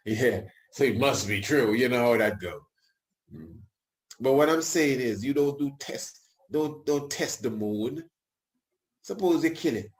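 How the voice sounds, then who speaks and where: A man hosts a radio show, speaking slowly in an expressive, mid-range voice. His talk is casual, rambling and colloquial, with tag questions and chuckling asides.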